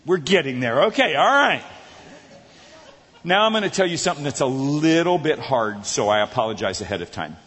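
Lively male preacher in an echoing hall. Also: a little high, normal speed. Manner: animated, acting out the characters. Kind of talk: storytelling sermon. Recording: echoey large hall.

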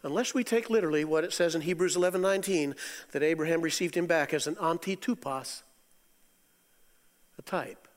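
Animated preacher man in a reverberant hall. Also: fairly high pitch, fairly quick. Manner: animated, swings from loud exclamations to quiet asides, chuckles. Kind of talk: sermon.

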